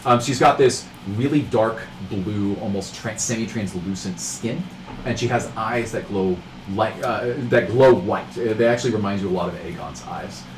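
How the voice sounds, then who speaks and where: A man's voice: on the low side, normal speed. Young man narrating as game master. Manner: relaxed, rambling narration with many fillers. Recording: roomy, distant mic with faint noise.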